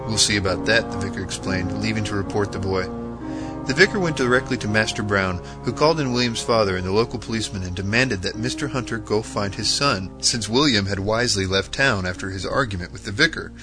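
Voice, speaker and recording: A man narrating historical martyr stories in an earnest, measured reading. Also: on the low side. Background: faint guitar music.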